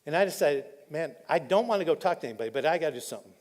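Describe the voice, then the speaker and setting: A man pastor, preaching a candid, personal sermon that drops soft and choked up when he is moved. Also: a little high, expressive, rapid-fire. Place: church auditorium. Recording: live in a reverberant church hall.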